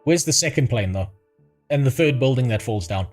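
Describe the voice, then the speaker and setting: A man's voice: medium pitch, lively intonation, a little fast, darkish tone. Male streamer, profane and joking, live casual commentary with faint background music. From South Africa. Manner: crude, profane, laughs at his own jokes. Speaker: livestreamer.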